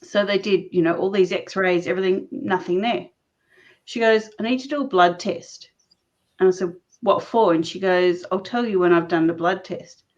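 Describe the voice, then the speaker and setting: A woman guest recounting her own story in conversation, animated and laughing often as she talks. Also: fairly low pitch, normal speed. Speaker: interview guest. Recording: dull lo-fi recording.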